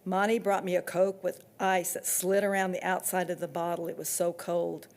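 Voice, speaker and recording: A woman author reading from her own novel with steady, expressive storytelling. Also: on the low side, moderate pace, creaky.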